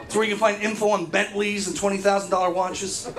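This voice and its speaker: A man in his thirties performing a stand-up comedy set, telling profane stories that break into shouted rants. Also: high-pitched, flat delivery, fast. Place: comedy club stage. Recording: live club recording with crowd noise. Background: audience laughter.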